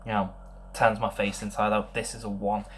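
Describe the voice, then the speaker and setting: A young man giving a casual beer tasting review, thinking aloud and rambling with many pauses. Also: fairly low pitch, level tone, a bit bright, a little hiss or hum.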